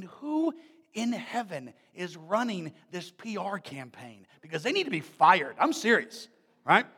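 Animated, high-voiced preacher man, gravelly. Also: long reverb tail. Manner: animated, conversational, joking asides. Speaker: pastor. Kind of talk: sermon with scripture reading and prayer. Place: church sanctuary.

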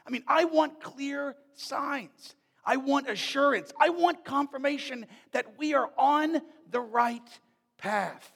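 A pastor preaching a conversational, joking sermon in a church, after reading scripture and leading a prayer. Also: male voice, very high voice, slow pace, creaky, big-room sound. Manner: animated, conversational, joking asides. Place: church sanctuary.

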